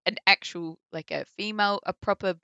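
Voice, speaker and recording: A woman with an Australian accent, a voice actor chatting casually in an interview, full of likes and ums and quick laughs. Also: medium pitch, vocal fry, sharp tone, dry recording, highs cut off. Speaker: voice actor guest.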